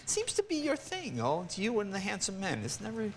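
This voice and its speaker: A man's voice: high voice, huge pitch swings, brisk. A man hosting a TV talk show, asking teasing, playful questions in a joking interview, on a noisy satellite TV recording. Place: TV studio with audience. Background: studio audience.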